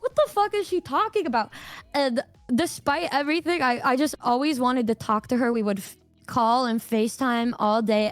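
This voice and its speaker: A young woman, a streamer, telling a candid personal story in casual chat, swearing freely and acting out what others said in a higher voice. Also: dry recording. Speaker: streamer co-host.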